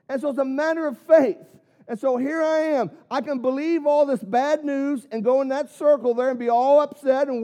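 Male pastor, sermon delivery, high mellow voice, earnest rhetorical questions.

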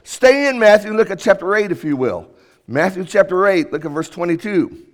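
High-voiced man preaching in a reverberant hall. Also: very animated, fairly quick. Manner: emphatic, rising and falling sharply for emphasis. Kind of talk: sermon. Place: church auditorium. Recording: long reverb of a church hall.

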